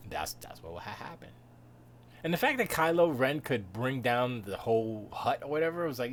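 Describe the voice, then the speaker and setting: A man's voice: medium pitch, very animated, moderate pace. A man hosting a live stream, chatting casually and jokingly, slipping into silly impressions of film characters. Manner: joking, slips into voiced impressions.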